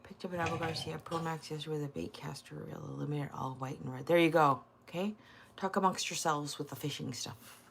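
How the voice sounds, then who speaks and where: A woman's voice: sits low, sharp tone. A woman hosting a casual livestream, sassy and blunt, teasing her chat and swearing freely. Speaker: livestream host.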